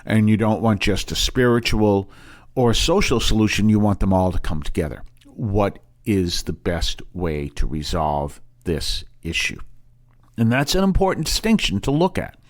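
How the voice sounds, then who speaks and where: A priest hosting a broadcast teaches in a rambling, emphatic style full of restarts and asides. His voice is on the low side and expressive, at a moderate pace.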